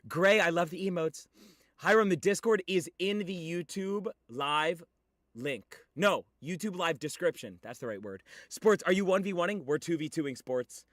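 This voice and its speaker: A young man livestreaming, chatting casually with viewers in an excitable, teasing way with sudden shouts. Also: a little high, normal speed, dry recording, clean studio sound.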